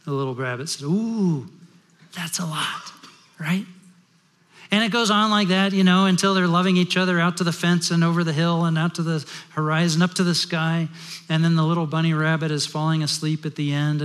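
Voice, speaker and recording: Pastor in a reverberant worship hall. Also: male voice, a little high, clean tone. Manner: storytelling, shifting from loud to hushed. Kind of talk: sermon.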